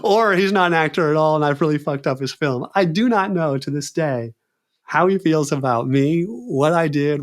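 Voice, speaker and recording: A man telling a story as a podcast guest, acting out the people he quotes and talking casually with lots of "dude" and "man.". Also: fairly high pitch. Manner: animated, acts out quoted dialogue; says "dude" and "man" often.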